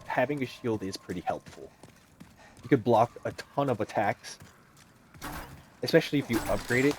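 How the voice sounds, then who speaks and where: A young man giving casual, animated commentary over a video game, joking and talking back to the characters on screen. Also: medium pitch, a little hiss or hum. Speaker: gaming YouTuber.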